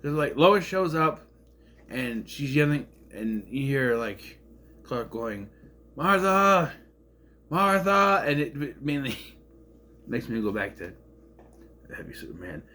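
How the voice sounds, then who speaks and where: Animated, sarcastic rambling man. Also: mid-range voice, measured pace, pauses often. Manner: sarcastic, rambling, sputters with indignation. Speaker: show reviewer. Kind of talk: casual rambling recap.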